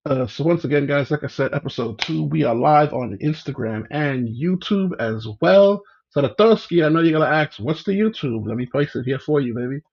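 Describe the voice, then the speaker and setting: A man's voice: medium pitch, lively intonation, brisk, vocal fry, hardly any pauses, husky, highs cut off. A man hosting a casual livestream, chatting and greeting viewers by name. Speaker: livestream host.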